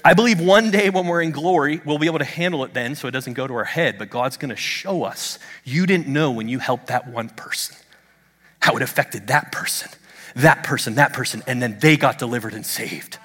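A middle-aged male pastor preaching a sermon in a church, telling a story with animated swings of voice. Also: mid-range voice, fairly quick, slightly rough. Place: church sanctuary under stage lights. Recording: long hall reverb.

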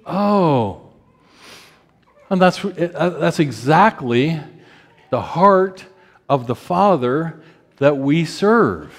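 A man in his fifties preaching a sermon with strong emotion, his pitch climbing when stirred and his voice softening as he acts out prayers of repentance. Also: animated, extremely slow, long pauses. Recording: long hall reverb.

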